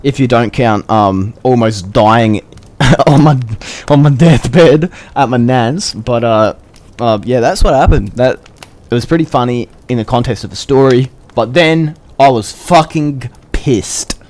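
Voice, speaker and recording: A man telling a story to the camera in a loose, excited way, full of swearing and restarts. His voice sits at an ordinary middle pitch. He talks casually, like a vlogger chatting to his viewers. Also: measured pace. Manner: animated, profane, rambling.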